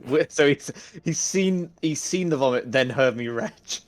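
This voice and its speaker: A man's voice: medium pitch, expressive, a little slow. Blunt, laughing man playing a tabletop game. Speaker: player. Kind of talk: casual tabletop play.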